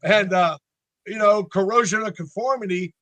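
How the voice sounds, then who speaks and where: High-voiced chatty man in his sixties. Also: normal speed, a bit bright, no echo. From North Carolina, USA. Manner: chatty storyteller, acts out other people's lines. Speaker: band frontman, interview guest. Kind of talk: casual interview chat.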